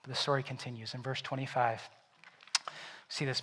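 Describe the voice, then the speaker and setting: A man preaching a sermon as pastor, animated and acting out the Bible characters in quoted voices. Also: mid-range voice, normal speed, pauses often.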